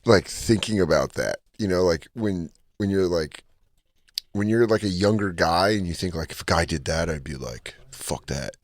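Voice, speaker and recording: Low-voiced man swapping crude stories. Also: animated, normal speed, dry recording. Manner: profane, laughing storyteller. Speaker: podcast co-host. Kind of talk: casual banter.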